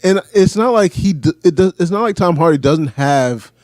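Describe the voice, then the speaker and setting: A man co-hosting a casual trailer reaction chat, critical and hesitant as he searches for words. His voice sits a little high. The sound is dry with no room echo. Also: expressive, normal speed, a little mellow. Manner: hesitant, many "like" fillers, critical. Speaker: co-host.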